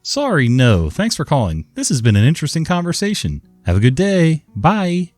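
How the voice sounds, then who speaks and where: A man's voice: a little high, huge pitch swings, moderate pace, darkish tone, dry recording, soft background music, pitched above the performer's own voice. A man voicing a patient, weary male help-desk worker with polite, scripted phrasing.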